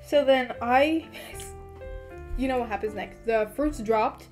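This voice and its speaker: A high-voiced teenage girl tells a story on a casual podcast, chatty and animated with lots of "like". Soft music plays faintly behind her. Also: takes it slowly. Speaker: podcast co-host.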